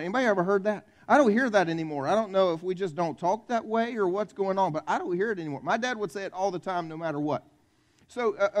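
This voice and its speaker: High-voiced pastor, folksy. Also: male voice. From South Carolina. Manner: conversational, folksy, jokes with the congregation. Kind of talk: Christmas Eve sermon. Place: church.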